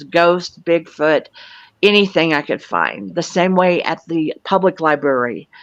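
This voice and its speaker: Older lady from florida, lowish voice, telling her story plain and earnest, dull lo-fi sound. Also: dry recording. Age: 60s. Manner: matter-of-fact, earnest storytelling. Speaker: guest, UFO field investigator. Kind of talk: recounting a personal experience. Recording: dull lo-fi, dry.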